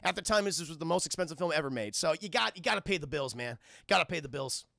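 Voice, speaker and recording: A man reviewing a film on a livestream, excitable and profane, constantly talking to his chat. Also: on the high side, fast, vocal fry, no echo, studio quality.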